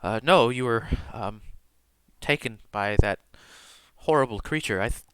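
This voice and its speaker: A man puts on a grieving priestess whose soft, stammering words keep falling apart. The voice stays bright and forward. The room is dry and close. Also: medium pitch, clear, resonant tone, dry recording, natural voice. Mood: shaken. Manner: halting, stammering, soft-spoken. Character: grieving woman priestess, tearful and shaken.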